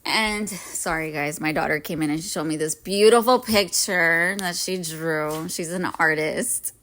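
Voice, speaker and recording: A woman in her thirties talks alone into her podcast mic, slow and deliberate with a somewhat low voice. She is earnest and openly emotional, sharing lessons and cheering her listeners on. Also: fairly bright tone. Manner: emotional, earnest, self-help encouragement. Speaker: podcast host. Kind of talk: reflective solo podcast talk.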